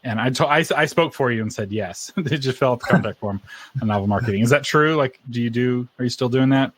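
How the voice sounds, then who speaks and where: A podcast co-host with a mid-range voice talks at a quick pace during a live episode. He's chatty, laughs often, and eats ice cream on air.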